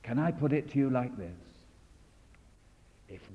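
A man's voice: medium pitch, lively intonation, unhurried. Fervent preacher man in a reverberant hall. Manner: fervent, rising and falling dramatically. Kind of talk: sermon. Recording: dull sound in a long reverberant hall.

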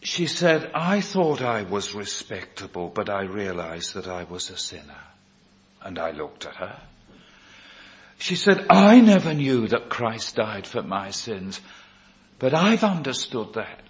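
A man's voice: on the low side, big pitch swings. A male preacher telling a conversion story in a sermon, quoting the people in it as he goes. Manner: slow storytelling, quoting others in dialogue. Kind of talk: sermon testimony. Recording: dull lo-fi recording.

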